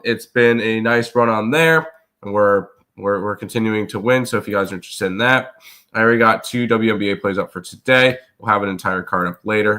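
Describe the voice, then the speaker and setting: A man's voice: on the low side, pushed and bright. Congested man hosting a betting stream. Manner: rambling, filler-heavy recap. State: congested, rough throat. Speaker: sports betting show host. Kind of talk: casual live-stream chat.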